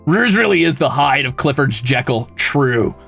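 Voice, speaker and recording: A man's voice: mid-range voice, animated, normal speed, gravelly, fairly bright tone, slightly rough, faint music behind. A young man chatting casually on a stream, rowdy and mischievous, swearing often and laughing a lot.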